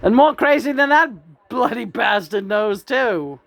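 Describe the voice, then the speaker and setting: A woman speaking as the channeled spirit of a famous male rock star, ranting profanely and mockingly with sudden loud outbursts. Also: on the high side, lively intonation, measured pace, gravelly, no echo, pitched above the performer's own voice. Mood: scornful.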